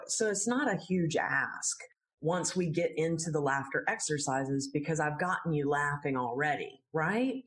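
A woman who teaches laughter yoga, a guest in an interview. She explains things patiently and earnestly and laughs easily. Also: low voice.

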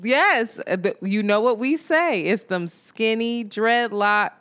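A woman podcast co-host telling a dating story in casual chat, animated, laughing often and swearing casually. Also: fairly high pitch, slow. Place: Brooklyn, New York.

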